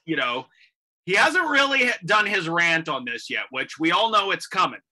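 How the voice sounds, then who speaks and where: A man hosting a comedy radio panel. He talks quickly, laughs often and steers the conversation. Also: on the high side, very animated, pushed and bright. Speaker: radio comedy show host.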